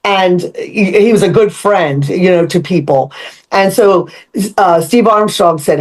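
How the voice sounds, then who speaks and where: An older woman, a karate instructor on a podcast, telling stories in a lively, laughing way. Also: lowish voice, unhurried. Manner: animated storyteller, laughs often. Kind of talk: casual chat.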